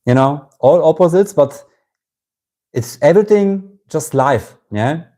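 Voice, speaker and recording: German-accented male satsang teacher, mellow tone, reflective with tag-question "yeah?"s. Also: on the high side, animated, a little slow. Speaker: spiritual teacher. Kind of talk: live-streamed satsang talk.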